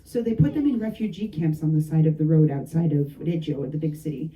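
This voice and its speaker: Brief: woman author, warm dark tone, chatty anecdotal storyteller, recorded from across the room. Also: deep voice, a little fast, recorded from a distance, rough recording. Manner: lively anecdotal, frequent laughs and asides. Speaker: novelist discussing her book. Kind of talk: storytelling talk at a book event. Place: bookshop event.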